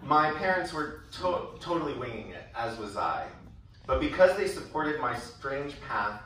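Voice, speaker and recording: Bright-voiced man giving a speech in a hall. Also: mid-range voice, a little hiss or hum. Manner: wry, animated storytelling with laughs. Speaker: former student giving a speech. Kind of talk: storytelling speech. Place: school event hall. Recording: echoey hall from far off.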